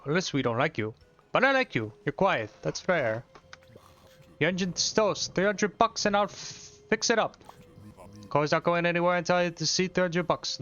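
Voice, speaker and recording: Man putting on a fake French accent, sly village mechanic, high sing-song voice, muffled mic. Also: fairly bright tone, clear, resonant tone.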